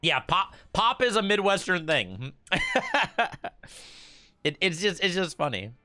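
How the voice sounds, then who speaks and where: A man's voice: high-pitched, big pitch swings, moderate pace, bright, forceful tone, no room sound, soft background music. A young man with a Michigan accent, chatting casually to his stream while playing a card game, often stammering and repeating words. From Michigan, USA. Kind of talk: casual gameplay streaming chat.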